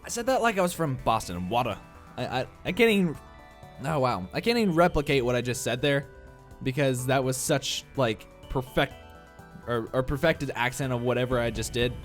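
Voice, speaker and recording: A man's voice: medium pitch, expressive, moderate pace, soft background music. A young man from the American Midwest with a Midwestern accent, rambling through casual let's-play commentary with many filler uhs, his voice a bit congested from allergies. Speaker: gameplay commentator.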